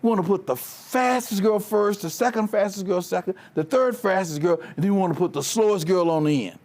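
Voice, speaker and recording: A man voices a bold teenage girl who captains a school relay team. The voice sits well above his own and sounds earnest and quick, like a kid making a case to her coach. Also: high voice, a little mellow, pitched above the performer's own voice, natural voice.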